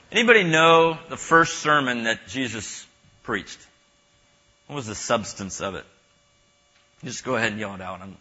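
A man giving a conversational sermon as pastor, halting and chatty, joking back and forth with his audience. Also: on the low side, bright, forceful tone, husky. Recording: muffled lo-fi recording.

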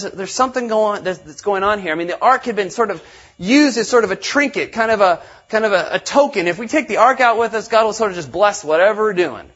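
Husky-voiced male pastor preaching. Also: high-pitched, lo-fi sound. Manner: animated, with frequent restarts and filler phrases. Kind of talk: sermon.

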